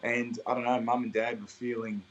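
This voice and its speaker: A man's voice: mid-range voice, level tone, fairly quick. A young Australian man, an interview guest, talking in an upbeat, chatty way and laughing easily. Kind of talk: casual interview chat. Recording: slightly dull recording, faint ambience.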